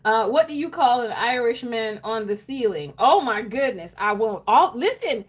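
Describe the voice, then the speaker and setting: A woman vlogging casually to her viewers, expressive and exclaiming, who keeps breaking into laughter. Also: on the high side, normal speed, breathy edge. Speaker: planner vlogger. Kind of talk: casual chat to camera.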